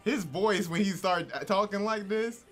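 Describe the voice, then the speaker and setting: A young man reacting to an anime, excitable and slangy, laughing often. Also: high voice, unhurried, soft background music. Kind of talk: casual reaction commentary.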